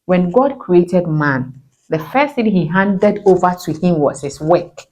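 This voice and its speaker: A woman giving casual relationship advice to camera in an animated way, often calling viewers "my dear". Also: lowish voice, unhurried. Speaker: relationship vlogger.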